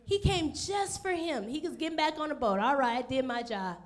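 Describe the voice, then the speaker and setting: A woman with a high voice preaches a sermon as pastor. She speaks straight to her listeners with questions. She brings the story to life by putting on the voices of its people. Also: expressive, moderate pace. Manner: direct questions to the congregation.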